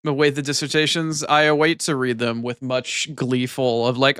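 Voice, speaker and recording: A man's voice: medium pitch, level tone, normal speed, few pauses, fairly bright tone, clean tone, dry recording, clean studio sound. A man streaming live, bantering with his chat casually, teasing and swearing freely.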